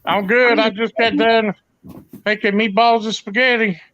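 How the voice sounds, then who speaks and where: A man's voice: high-pitched, little pitch movement, normal speed, a bit bright, dull audio, slight background noise. A man joining a casual video call chat, rambling and playful in how he talks.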